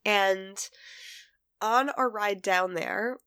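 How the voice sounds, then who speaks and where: A woman's voice: mid-range voice, very slow, smooth, no echo, studio quality. A woman in her thirties co-hosting a chatty podcast, stuffy from a cold, telling stories with lots of laughter. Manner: animated storyteller, laughs often. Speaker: podcast co-host. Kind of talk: casual chat.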